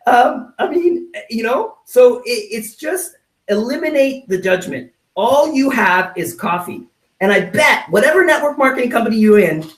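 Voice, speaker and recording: Animated man coaching with playful scenes. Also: extremely high pitch, moderate pace. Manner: animated, acts out little scenes, keeps asking "right?". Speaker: network marketing trainer. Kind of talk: motivational training talk. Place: home office. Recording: roomy sound, mic at a distance.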